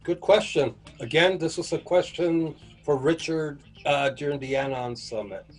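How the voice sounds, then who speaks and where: A man's voice: on the high side, moderate pace, faint music behind, poor audio. A man who is a guest PR manager on a casual online chat, telling anecdotes and chuckling as he talks over a video call.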